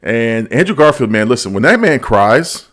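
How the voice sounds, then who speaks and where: Male podcast host, mid-pitched, lively casual storyteller. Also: normal speed. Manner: animated, storytelling with quoted lines and laughs. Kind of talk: casual movie review chat.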